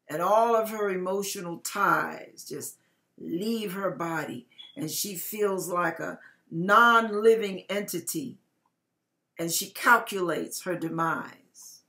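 An older woman preacher giving a dramatic testimony, swinging from loud outbursts to hushed lines in an emphatic, folksy way. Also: medium pitch. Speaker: ministry preacher.

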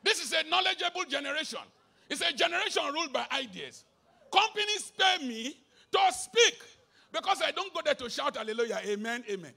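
A middle-aged Nigerian man preaching an emphatic sermon. He has a Nigerian accent and moves between shouted bursts and low asides, slipping into Pidgin. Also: very animated, fairly quick, gravelly.

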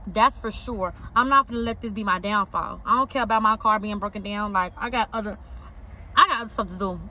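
A young woman eats while vlogging to camera from a parked car outside an auto shop, talking in emphatic, slangy bursts and repeating herself for punch. Her mid-range voice is fairly quick, pushed and bright, with a little hiss or hum.

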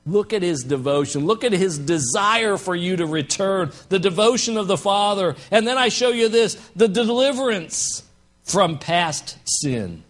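A man preaches from the pulpit with a notably high-pitched voice. He drops to near-whispers, then climbs into shouted, ringing lines. It has the sound of a live church sermon. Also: expressive, normal speed, hardly any pauses. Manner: preaching with big swings from hushed to shouting. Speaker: pastor. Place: church sanctuary.

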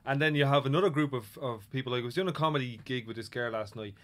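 An Irish man hosting a casual chat, relaxed and joking, often trailing off with fillers. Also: mid-range voice, fast. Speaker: podcast host.

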